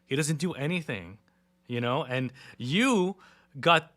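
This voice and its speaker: A man's voice: on the high side, animated, slow, fairly bright tone. A man hosting a casual interview, often stumbling and repeating words as he asks questions. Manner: stammering, repeats words as he thinks. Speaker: interview host.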